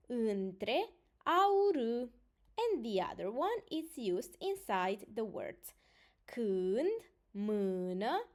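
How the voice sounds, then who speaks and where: A woman with a Romanian accent, a native Romanian speaker teaching a beginner language lesson, patiently sounding out letters one by one. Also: a little high. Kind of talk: slow instructional lesson.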